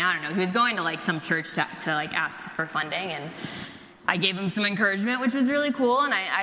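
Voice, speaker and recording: A young woman employed by a church preaches and recounts a personal story in a relaxed, talkative manner, peppered with "like." Her medium-pitched voice sounds pushed and bright. The recording, made in an echoey hall, has a faint hiss or hum.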